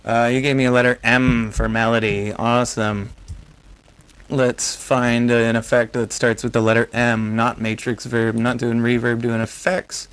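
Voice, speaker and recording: A man's voice: mid-range voice, little pitch movement, a little slow, a bit bright, clean tone. A young man hosting a music-making video, chatting casually and reading viewer comments as he works on a song. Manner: chatty, reads out viewer comments while working. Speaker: music producer and host.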